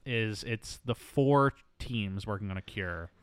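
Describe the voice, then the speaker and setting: A man co-hosting a casual movie review chat, wry and quick to poke fun at what he watched. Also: on the low side, clean tone, dry recording. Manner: lively, wry, quick to mock. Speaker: podcast co-host.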